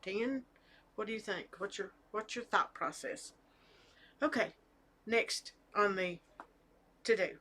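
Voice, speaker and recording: A woman's voice: mid-range voice, expressive, slow, pauses often, pushed and bright, breathy edge. A middle-aged woman chatting casually to camera about her knitting, hesitant, with fillers and restarts. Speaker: knitting vlogger. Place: home with family talking in the background.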